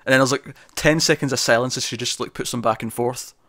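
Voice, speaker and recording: Scottish guy chatting about a tv show, rambles a lot, mid pitch. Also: fairly even intonation, quick pace, a bit bright, no echo, studio quality. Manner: chatty and rambling, laughs often. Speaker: co-host of a TV review show. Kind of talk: casual review chat.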